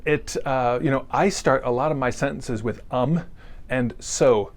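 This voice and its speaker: A man's voice: medium pitch, unhurried. Joking man teaching grammar casually. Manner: joking, crude humor; relaxed and rambling. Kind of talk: casual video lesson.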